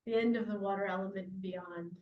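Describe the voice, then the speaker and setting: A woman lecturing a class, relaxed and thinking aloud, often checking whether listeners follow. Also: medium pitch, fairly quick, lo-fi sound. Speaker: guest lecturer. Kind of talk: lecture with audience questions.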